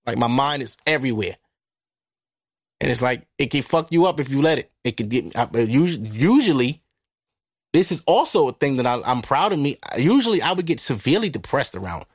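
A man hosting a podcast, talking through a casual monologue into a microphone in a blunt, profane, animated way. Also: mid-range voice, fairly quick, no room sound, studio quality. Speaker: podcast host. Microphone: studio microphone.

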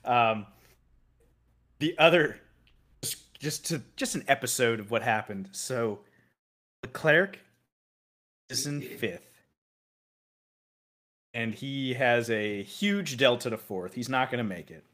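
A man's voice: medium pitch, slow, pauses often, fairly bright tone. A man co-hosting a casual motorsport podcast, explaining with exasperation. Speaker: podcast co-host. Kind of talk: casual chat.

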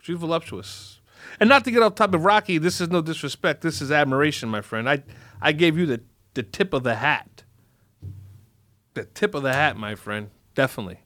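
A man's voice: fairly high pitch, animated, a little fast, fairly bright tone, no room sound. A man hosting a podcast, rambling through crude, mock-dramatic jokes. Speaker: podcast host. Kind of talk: comedic podcast chat.

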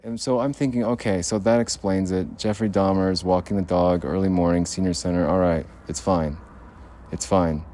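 Guy with a real low dark voice muttering to himself, paranoid podcast ramble from a parking lot. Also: steady tone, normal speed. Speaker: podcast host. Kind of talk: rambling self-recorded monologue. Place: outdoor parking lot at night.

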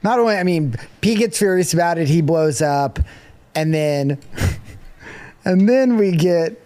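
A woman's voice: fairly low pitch, measured pace. A woman chats through a film's plot on a casual podcast. She tells it expressively, quotes the characters and laughs now and then as she goes. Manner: expressive, laughs while recounting scenes. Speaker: podcast co-host. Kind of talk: casual movie recap chat.

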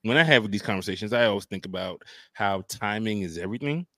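A man co-hosting a casual podcast, telling stories in a relaxed, slangy manner. His voice sits a bit low and the recording is dry and close. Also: no echo. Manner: relaxed, drawn-out storytelling with slang. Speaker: podcast co-host. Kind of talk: casual chat.

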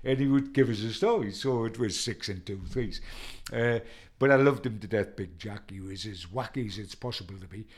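An older man, telling rambling, animated football stories and mimicking the people he quotes. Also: fairly low pitch, moderate pace. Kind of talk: anecdotal storytelling.

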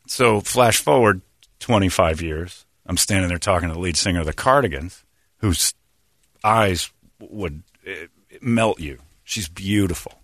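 A man's voice: low voice, moderate pace, fairly bright tone, no echo, clean studio sound. A middle-aged man hosting a podcast, telling rambling, crude, jokey stories in casual chat. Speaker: podcast host.

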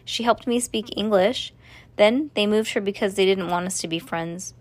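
A woman reading aloud and voicing a kind young girl prisoner who speaks French, talking softly and a little formally. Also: medium pitch, normal speed, no echo, lightly acted. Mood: gentle. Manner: soft, kind, slightly formal.

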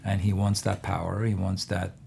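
A man talking as an actor guest in a casual interview, halting with many fillers and restarts. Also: low voice, little pitch movement, gravelly, darkish tone, slight background noise. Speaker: actor guest on a fan podcast.

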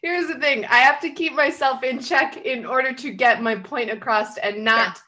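Bright, animated woman podcast co-host. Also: sits high, moderate pace. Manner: animated, laughs often, swears. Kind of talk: casual podcast chat.

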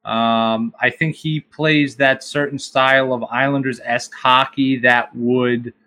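A man's voice: medium pitch, steady tone, a little slow, sharp tone. Man, podcast co-host, casual sports chat, analytical, hedging.

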